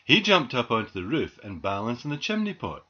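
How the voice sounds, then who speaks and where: A man reading a children's story aloud with very expressive storytelling. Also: medium pitch, fairly quick. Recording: dull lo-fi recording.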